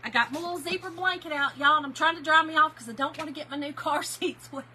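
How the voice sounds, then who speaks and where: Lady telling a teary story while she crafts, high voice, a little hiss behind her. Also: quick pace, bright, forceful tone, poor audio. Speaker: crafting livestream host.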